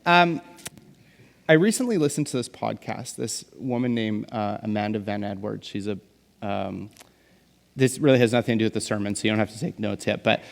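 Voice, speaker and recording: A man's voice: fairly low pitch, vocal fry. A young adult man giving a casual, self-deprecating guest sermon, chatty and full of fillers and jokes. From Canada. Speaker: guest pastor. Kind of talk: conversational sermon. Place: large church hall. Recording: reverberant church hall.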